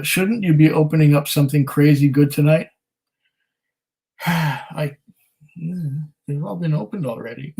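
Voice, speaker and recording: A man's voice: on the high side, darkish tone, rough recording. A man hosting a whisky channel, casually reading viewer comments aloud on a livestream in a rambling, self-deprecating way. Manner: rambling and self-deprecating, with many fillers and laughs.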